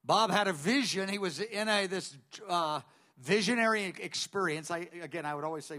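An older man with a noticeably high voice delivers a teaching sermon in a relaxed, conversational way. He drifts into anecdotes and acts out the people he quotes. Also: moderate pace. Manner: digressive, storytelling, quoting others aloud. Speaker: preacher.

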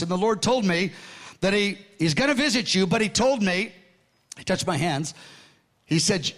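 Older guy w a high voice telling preachy stories, eager, keeps restarting his sentences. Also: moderate pace. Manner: excited, earnest storytelling with frequent restarts. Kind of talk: sermon storytelling.

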